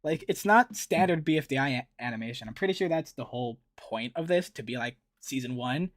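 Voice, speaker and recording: A man talking through a cartoon episode in a casual, chatty way, getting excited and laughing at moments. His voice sits at a middle pitch and sounds close and dry, with no room behind it. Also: brisk, dry recording. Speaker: reaction video host. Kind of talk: casual reaction commentary.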